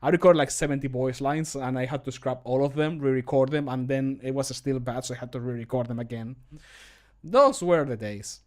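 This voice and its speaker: A man's voice: mid-range voice, a little fast. Chatty self-mocking young man streaming. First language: Spanish. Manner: rambling, self-mocking, laughs often. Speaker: streamer and voice actor. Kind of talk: casual live-stream chat. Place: home recording setup.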